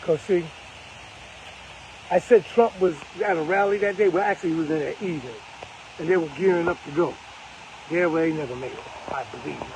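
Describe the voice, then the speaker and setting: A man's voice: fairly high pitch, brisk, long pauses, darkish tone, slight background noise, rough recording. An older man hosting a live broadcast, talking in a preachy, emphatic way and repeating phrases for effect. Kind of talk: casual live-stream commentary.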